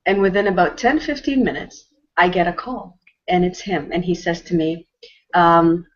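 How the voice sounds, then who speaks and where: Earnest storytelling woman, low voice. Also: normal speed. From Canada. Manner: earnest, emotional, with frequent restarts. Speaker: host and storyteller. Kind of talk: heartfelt personal storytelling. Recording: dull lo-fi audio.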